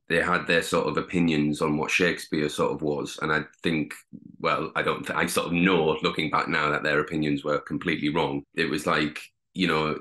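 A young man from the north of England, talking as an interview guest. His low voice carries a bright, forceful edge. He rambles loosely, full of fillers and restarted sentences. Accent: Northern English. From Durham, England. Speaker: guest actor. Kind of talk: casual interview.

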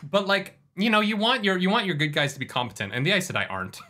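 Animated young man, bright voice. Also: high-pitched, fast talker. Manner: animated, emphatic, swears casually. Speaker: podcast host. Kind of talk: casual book discussion chat.

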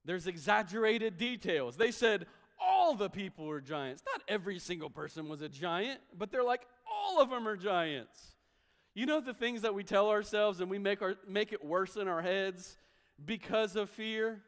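In a sanctuary with a long, echoing reverb, a pastor delivers a sermon in a high-pitched, fairly bright voice at normal speed. He keeps it conversational and voices the people he quotes as if acting them out.

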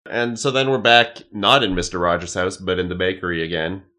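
A man's voice: sits low, steady tone, brisk, pushed and bright. A man co-hosting a podcast, chatting casually and rambling through jokey recaps. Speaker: podcast co-host. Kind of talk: casual comedic chat.

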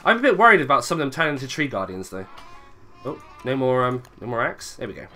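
A young man narrates his own gameplay in a loose, chatty stream of commentary. His voice is bright and ringing, and his pitch rises and falls a lot. He keeps muttering small asides to the people watching. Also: sing-song, fast, soft background music. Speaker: gaming video creator. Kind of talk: let's play commentary.

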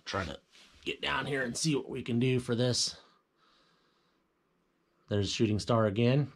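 A man's voice: medium pitch, a little slow. A man giving a casual walkthrough of a home theater build, explaining things plainly with fillers and self-corrections. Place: home theater room, indoors.

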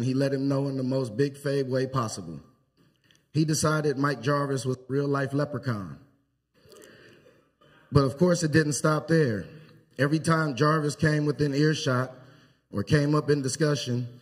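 Man delivering a church eulogy, husky voice, anecdotal and unhurried. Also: mid-range voice. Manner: anecdotal storytelling with pauses. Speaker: eulogy speaker. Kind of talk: funeral eulogy. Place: church sanctuary.

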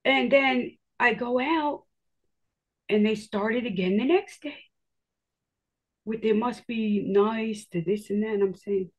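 A woman telling her own story in a casual, animated way, swearing freely and acting out her own reactions. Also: fairly high pitch, takes it slowly, long pauses.

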